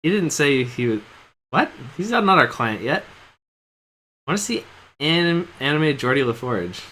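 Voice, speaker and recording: A man's voice: fairly high pitch, very animated, unhurried, pushed and bright, slight background noise, rough recording. A man casually commenting while he plays and voices a video game, with rambling, self-mocking asides. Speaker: streamer. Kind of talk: casual let's-play commentary and voice acting. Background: game music.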